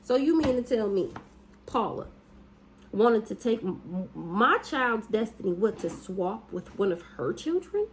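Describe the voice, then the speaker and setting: A woman's voice: a little high, very animated, a little hiss or hum, rough recording. Blunt woman doing a spiritual reading. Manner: blunt and profane, with drawn-out hums and exclamations. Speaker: spiritual reader. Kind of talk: casual spiritual reading monologue.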